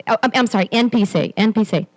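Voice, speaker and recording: A woman's voice: on the high side, fast talker, rough recording. A woman in her forties giving a candid, self-deprecating keynote talk at a conference, with many restarts. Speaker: keynote speaker. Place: conference hall.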